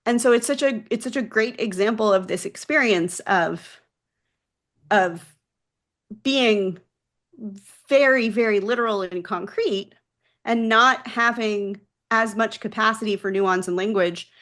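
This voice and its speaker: A woman's voice: medium pitch, measured pace, a bit bright. A woman guest on a podcast, a mental health practice founder, explaining things earnestly in a casual interview.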